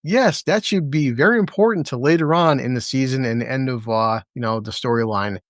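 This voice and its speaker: A man's voice: mid-range voice, a little fast, no echo, studio quality. A man casually reviewing a TV episode, blunt and swearing a lot as he talks through the scenes. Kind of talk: casual profane reaction commentary.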